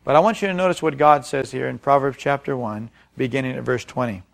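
A man's voice: mid-range voice, fast talker, vocal fry. A man preaching a sermon, reading scripture and putting emphatic questions to his congregation. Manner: reads scripture aloud, then explains it plainly. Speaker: pastor.

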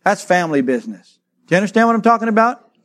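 A middle-aged man preaching, telling a childhood story with lively acted-out voices. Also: high-pitched, very fast. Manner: animated storyteller, acts out voices, laughs often. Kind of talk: sermon with a personal story.

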